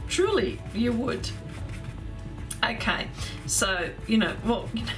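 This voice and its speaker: A woman, hosting an art livestream in casual chat, effusive and quick to laugh while reading viewer comments aloud. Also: a little high, very animated, over music.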